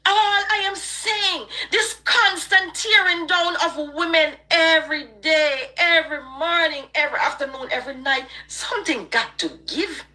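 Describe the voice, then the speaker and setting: Jamaican woman ranting on a live stream, high bright voice, preachy and emphatic. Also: measured pace, few pauses. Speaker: online live-stream host. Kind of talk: passionate live-stream rant.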